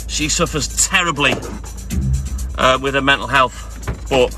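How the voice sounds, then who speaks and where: A man's voice: mid-range voice, measured pace. A man chatting casually on a live stream, greeting viewers by name. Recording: music playing in the background. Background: music.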